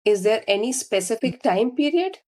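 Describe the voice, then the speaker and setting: A woman with an Indian accent teaching spoken English, explaining slowly and deliberately. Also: a little high, animated, darkish tone. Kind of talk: instructional talk to learners.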